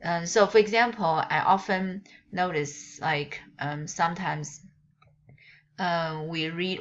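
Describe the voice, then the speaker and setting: A woman whose first language is Mandarin Chinese, teaching a lesson and explaining in halting phrases that she often corrects mid-sentence. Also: on the low side. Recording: dull lo-fi recording.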